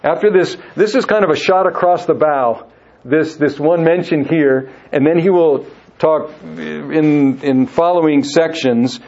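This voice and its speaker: A man's voice: on the high side, a little slow, a little mellow. A man teaching verse by verse through a Bible letter in a conversational way, repeating key phrases for emphasis. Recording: dull lo-fi recording.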